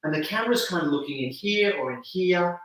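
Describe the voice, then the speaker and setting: Animated man, echoey room. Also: high voice, fairly quick, recorded from a distance. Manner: animated, acts out reactions with gasps and laughs. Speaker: video campaign founder, guest. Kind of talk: explanatory interview talk.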